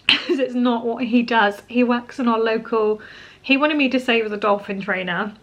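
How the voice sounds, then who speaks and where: A young woman from England talks to her viewers in a casual home vlog. She is chatty and emotional, laughing and tearing up as she goes. Her voice sits a little high. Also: steady tone, measured pace, fairly bright tone, muffled recording. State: teary, crying at times. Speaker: vlogger, homemaker. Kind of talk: casual chat to camera.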